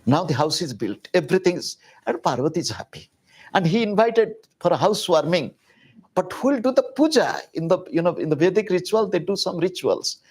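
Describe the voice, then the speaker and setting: A man giving a public spiritual talk, telling a story in an animated, conversational way with casual asides. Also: fairly high pitch, husky. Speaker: spiritual teacher.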